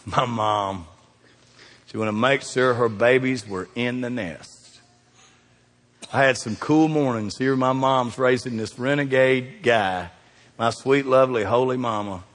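A middle-aged man preaching a folksy sermon, swinging from loud emphasis down to hushed, quiet lines. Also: medium pitch. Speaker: pastor. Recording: reverberant hall.

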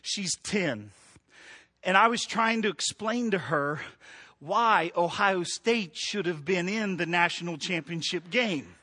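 A middle-aged man preaching a sermon, animated, building to emphatic peaks and dropping soft. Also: high voice, takes it slowly. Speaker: pastor.

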